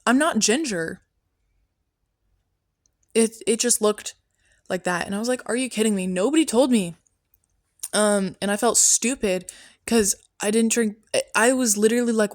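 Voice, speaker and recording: A woman's voice: mid-range voice, no room sound, studio quality. A woman hosting a comedy podcast in character as a prophet, talking in an offhand, rambling way with many tangents.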